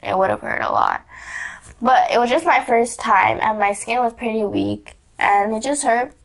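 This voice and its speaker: A woman's voice: a little high, wildly swooping pitch, unhurried. A young woman vlogger telling a casual story, rambling with lots of fillers, restarts and giggles.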